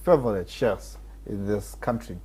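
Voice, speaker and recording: A man's voice: on the low side, normal speed, slightly rough. A man co-hosting a live broadcast, chatting casually and mixing Swahili with English. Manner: mixes Swahili and English, animated, reads viewer comments. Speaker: TV co-host.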